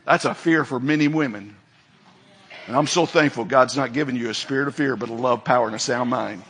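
A middle-aged preacher delivers a folksy sermon, telling stories, acting out the voices of the people in them, and laughing often. His voice is medium in pitch, fairly quick, and fairly bright.

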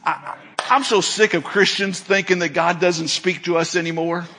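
A man's voice: high-pitched, fairly even intonation, normal speed, bright, forceful tone, slight background noise. A middle-aged man preaching a sermon as a pastor, telling stories with emphasis and asking the congregation questions.

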